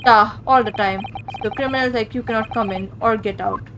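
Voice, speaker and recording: A woman's voice: a little high, brisk, a bit bright, soft background music. Woman doing a surly sailor. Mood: gruff. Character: gruff, surly burly male sailor guard. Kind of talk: reading a visual novel aloud.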